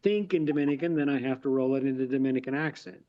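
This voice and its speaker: A man in his fifties with an average-pitched voice, rambling easily through long stories on a video call. His voice comes through dull and lo-fi, with the high end muffled. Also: quick pace, noisy background. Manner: long rambling anecdotes, easygoing. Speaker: real estate investor and contractor on an accountability call. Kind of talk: casual chat.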